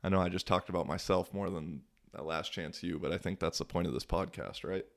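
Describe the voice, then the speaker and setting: A man's voice: low voice, steady tone, brisk, gravelly. A young man hosting a podcast, telling stories in a casual, slangy way with lots of filler words. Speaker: podcast host. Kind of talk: casual storytelling monologue.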